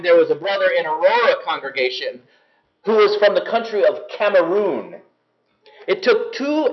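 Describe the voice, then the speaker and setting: High, lively-voiced male preacher. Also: muffled recording. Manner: earnest, measured with slowed emphasis. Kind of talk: sermon.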